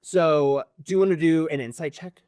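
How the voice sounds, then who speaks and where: A man narrating a tabletop game as game master, describing scenes in a measured, descriptive way. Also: fairly high pitch, a little mellow, dry recording, clean studio sound.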